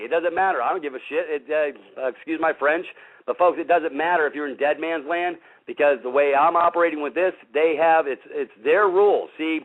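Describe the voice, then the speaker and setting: Blunt man on a tinny phone-line radio show. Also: on the high side. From Missouri. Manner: blunt, combative, addresses "folks" often. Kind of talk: casual talk radio monologue.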